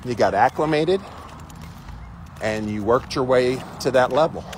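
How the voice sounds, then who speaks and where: A man's voice: medium pitch, measured pace, a little hiss or hum. A man hosting a casual livestream outdoors, talking emphatically and greeting viewers by name, with chickens clucking nearby. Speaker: livestream host.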